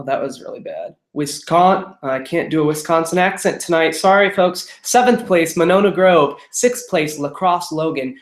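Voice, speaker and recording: A show choir webcast host reading competition placements in a brisk, chatty way with quick asides. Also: mid-range voice, echoey room. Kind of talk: live webcast chat reading competition results. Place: room, remote from co-host.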